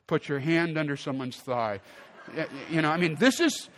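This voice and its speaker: A male pastor preaching a sermon, telling a story with lively acted-out quotes and big swings in loudness. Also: on the high side, normal speed.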